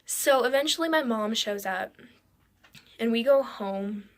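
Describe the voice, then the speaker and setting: A woman telling a personal story in a halting way, with restarts and frequent drops into a whisper. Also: on the high side.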